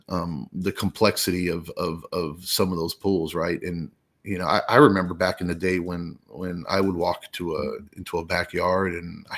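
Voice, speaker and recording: Male podcast co-host, very deep voice, relaxed and buddy-like, casual filler words. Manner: laid-back and chummy, says "dude" and "right?" often. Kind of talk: casual chat.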